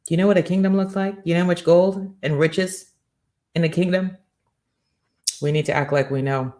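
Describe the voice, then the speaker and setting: Lowish-voiced woman preaching with emphatic questions. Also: steady tone, normal speed, pauses often, warm tone. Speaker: morning show host. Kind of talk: faith-based motivational talk, reading chat comments.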